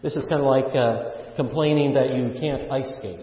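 A man's voice: mid-range voice, normal speed. Canadian man preaching in an echoey hall. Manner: earnest, with many fillers and swings of loudness. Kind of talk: sermon. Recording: echoey hall, dull muffled sound.

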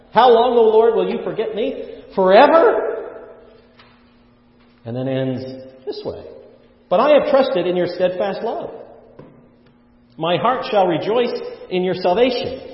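Canadian man preaching in an echoey hall. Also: on the high side. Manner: earnest, with many fillers and swings of loudness. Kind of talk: sermon. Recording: echoey hall, dull muffled sound.

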